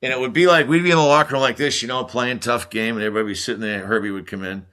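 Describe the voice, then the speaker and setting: A man's voice: mid-range voice, very fast, smooth. An older man, a former hockey player, telling stories casually as a podcast guest and putting on other people's voices. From United States. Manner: animated anecdote-telling with mimicked voices and laughs. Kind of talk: casual storytelling.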